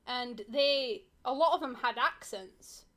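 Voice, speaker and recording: A woman's voice: sits high, takes it slowly, fairly bright tone. A young woman from Yorkshire, chatting casually on a podcast with restarts, fillers and frequent laughter. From Yorkshire, England. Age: young adult. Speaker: co-host.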